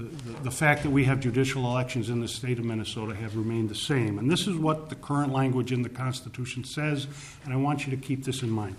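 Speaking to a legislative committee, a medium-pitched man gives deliberate, emphatic formal testimony peppered with "uh" fillers and stressed key words. A slight hiss or hum is audible.

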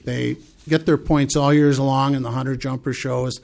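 A man's voice: mid-range voice, flat delivery, gravelly, darkish tone. Earnest man testifying with figures. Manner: earnest, persuasive, cites figures with pauses and restarts. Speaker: horse farm owner testifying at a committee. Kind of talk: legislative committee testimony.

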